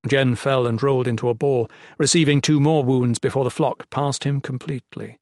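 A man narrating a fantasy audiobook in a steady, even storytelling voice. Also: mid-range voice, no echo, clean studio sound.

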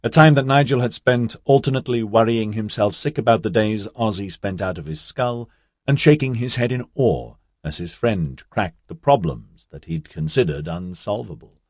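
Narrating a novel, a man with a fairly low voice tells the story in a measured, steady manner. As an audiobook narrator doing scripted narration, he's captured with studio quality and no room sound.

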